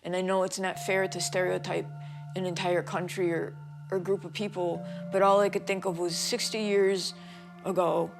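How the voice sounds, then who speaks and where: Over a music bed, a middle-aged American mother of a missing son testifies in a documentary interview. Her gravelly, lowish voice is flat and moderately paced, yet her account comes across as earnest and distressed.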